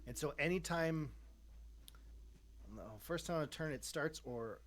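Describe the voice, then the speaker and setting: A man's voice: fairly high pitch, a little slow, a little hiss or hum. A man running a livestreamed tabletop game as dungeon master, upbeat and encouraging toward his players, calling them "dude.".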